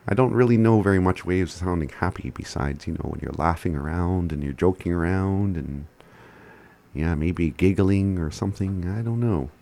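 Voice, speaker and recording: A man giving a casual language lesson, laid-back and chuckling often as he spells words out slowly. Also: low-pitched, vocal fry, a little mellow. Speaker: language teacher.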